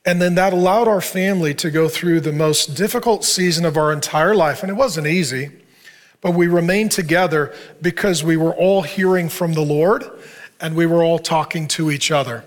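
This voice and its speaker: A man's voice: fairly high pitch, moderate pace. Earnest middle-aged man preaching. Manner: earnest storytelling, conversational. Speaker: pastor. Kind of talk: sermon to a men's group.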